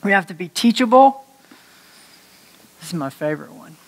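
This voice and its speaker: A male pastor preaching a conversational sermon to his congregation, animated and joking, laughing at his own slips of the tongue. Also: high voice, normal speed. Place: church sanctuary before a congregation.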